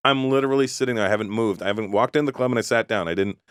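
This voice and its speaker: Brief: male comedian guest, fast, animated storyteller, dry studio sound. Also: fairly low pitch, smooth, no echo. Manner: animated, acts out the other people in his stories. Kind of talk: casual talk-show storytelling.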